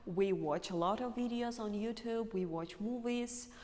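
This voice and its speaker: A woman English teacher explaining pronunciation to learners, speaking slowly and carefully and repeating example words. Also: a little high, a little mellow, big-room sound.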